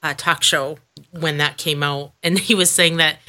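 A middle-aged woman with a lowish, bright, forward voice co-hosts a podcast. She chats casually and tells stories in a lively way, putting on the voices of the people she quotes. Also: measured pace. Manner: animated storyteller, acts out quotes. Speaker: podcast co-host. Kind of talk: casual chat.

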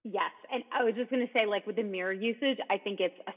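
A woman's voice: mid-range voice, fast, slightly rough. A woman co-hosting a casual chat, enthusiastic and rambling, heard over a tinny line. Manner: enthusiastic, rambling, many fillers. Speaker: co-host. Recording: tinny phone-like line with long reverb.

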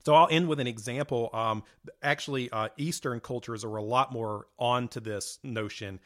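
Guy cohost in his 30s, middle voice, thinks out loud, lots of "like" and "you know". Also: medium pitch, normal speed. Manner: thoughtful, hedging, explanatory. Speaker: podcast co-host. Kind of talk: casual chat.

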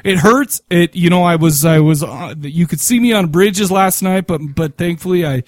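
Laid-back high-voiced male podcast host. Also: normal speed, no echo, studio quality. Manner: laid-back, rambling with fillers and "man". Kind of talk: casual podcast chat.

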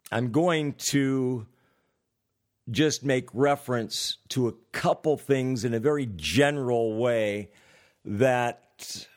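A man delivering a political commentary monologue, deliberate and given to sarcastic asides. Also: medium pitch. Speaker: commentary host.

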